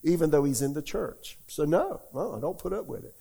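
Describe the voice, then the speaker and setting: Fielding questions in a conversational sermon, this middle-aged pastor is animated and folksy, weaving in stories and repeated rhetorical questions to his audience. He talks fairly quickly in a slightly high voice that is creaky and a little rough.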